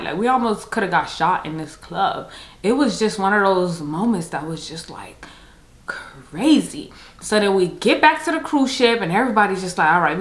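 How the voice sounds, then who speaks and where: Young woman vlogging a storytime, bright voice, lots of likes and y'alls, echoey room. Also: mid-range voice. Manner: animated retelling, fillers like "like" and "y'all". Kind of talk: casual storytime.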